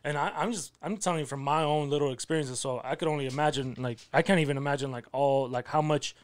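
A man hosts a casual podcast. His voice is a little higher than most men's, and he talks in a laid-back, slangy way full of filler words. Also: fairly even intonation, quick pace. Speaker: podcast host.

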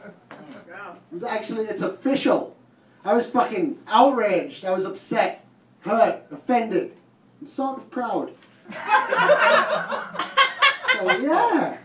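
A man's voice: high voice, very animated, takes it slowly, long pauses. A man from the north of England with a Teesside accent doing a profane, rambling stand-up set and laughing at his own jokes. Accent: Teesside English. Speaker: stand-up comedian. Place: comedy club stage. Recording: roomy distant live club recording, noisy.

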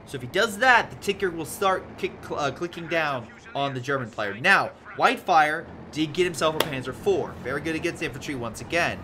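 A man giving chatty, animated play-by-play commentary on a strategy game replay, with lively asides to his viewers. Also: a little high, a little fast, hardly any pauses, background noise. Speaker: video game replay caster.

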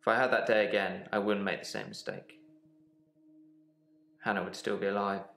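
Weary grieving man in a game, low, gravelly, echoey. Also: normal speed, slight background noise. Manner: weary, flat, subdued. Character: grieving man reliving the same day, weary.

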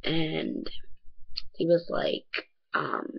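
Dziewczyna mówiąca niskim, przytłumionym głosem. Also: female voice, low voice, little pitch movement, drawn-out words, vocal fry, slightly rough, lo-fi sound. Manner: rambling, full of "like" fillers; soft, often trails into near-whisper. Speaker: vlogger. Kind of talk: casual bedroom vlog.

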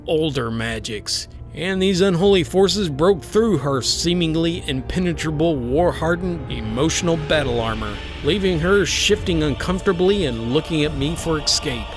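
A woman's voice: deep voice, animated, normal speed, few pauses, over music. Wry, dramatic storyteller woman. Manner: wry, dramatic mock-epic telling. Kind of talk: scripted story narration.

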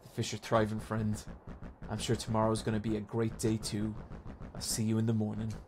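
A man voicing a soft-spoken, vaguely sinister male fishing shop owner with a low, hushed drawl. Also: monotone, a little fast, slight background noise, lightly acted. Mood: shady.

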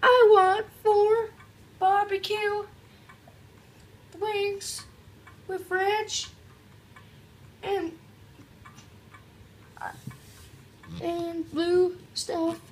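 A woman voicing a restaurant customer in a game, placing an order in a slow, drawn-out, high voice. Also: little pitch movement, exaggerated voice. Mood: demanding.

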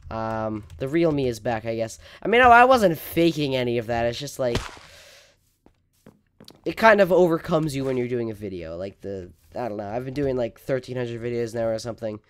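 A man's voice: medium pitch, expressive, moderate pace, clean tone. A man hosting casual gameplay commentary, melodramatic and overreacting, stammering, sometimes leaning away from his desk microphone. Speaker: gaming video host.

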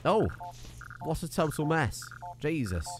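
A man's voice: on the high side, sing-song, a little slow. A man giving wry, chatty let's play commentary, swearing casually. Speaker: gaming streamer.

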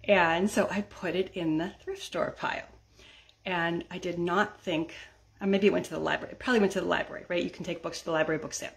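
A woman's voice: fairly low pitch, steady tone, fast talker, creaky. A middle-aged woman vlogging in a casual chat, often checking in with her viewers and laughing between lines. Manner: chatty, keeps checking in with "right?" and "okay?". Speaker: decluttering vlogger.

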